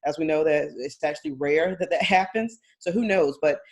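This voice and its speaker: A woman's voice: deep voice, moderate pace, husky. A woman co-hosting a casual sports podcast, talking in long rambling turns, hedging often and laughing between thoughts. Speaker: podcast co-host.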